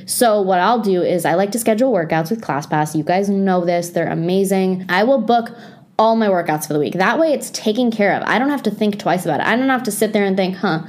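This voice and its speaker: A woman's voice: mid-range voice, a little mellow. A young woman talking casually to her viewers and giving lifestyle advice. She speaks chattily, with many "like" fillers. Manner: chatty, lots of "like" fillers, self-aware. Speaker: lifestyle vlogger. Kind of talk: casual advice talk to camera.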